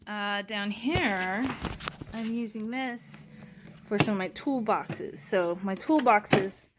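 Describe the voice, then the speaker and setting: A young woman vlogger gives a studio tour, chatting casually as she shows her art supplies. Her medium-pitched voice is full of fillers and restarts, with heavy background noise.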